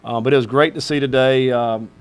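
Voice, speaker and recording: A man's voice: mid-range voice, fairly even intonation, brisk, clear, resonant tone. A middle-aged man, a head football coach, answering questions at a press conference in a rambling way full of fillers.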